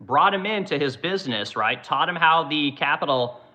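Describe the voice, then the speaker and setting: Forceful, profane man ranting on a stream. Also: a little high, expressive, moderate pace, rough recording. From Oregon, USA. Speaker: livestream host and business owner. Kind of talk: casual livestream commentary.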